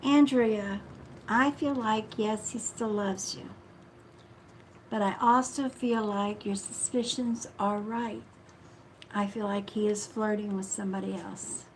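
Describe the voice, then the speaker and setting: A woman hosting a live-streamed psychic reading who speaks softly and affectionately, calls viewers sweetheart, and often apologizes and trails off mid-thought. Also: medium pitch, fairly even intonation, takes it slowly, slight background noise, poor audio. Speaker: psychic reader.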